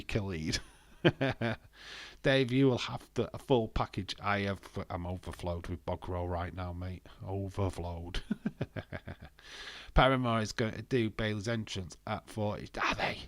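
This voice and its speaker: Excitable man on a live stream. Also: lowish voice, measured pace, dry recording. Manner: excitable, laughing, swearing, chatty. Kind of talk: casual live stream chat reading viewer comments.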